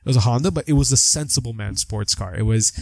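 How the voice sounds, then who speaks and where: A young man co-hosting a casual podcast chat about a film, animated and quick to act out lines from scenes. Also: creaky, no room sound. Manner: animated, acts out quotes with big pitch jumps. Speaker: podcast co-host.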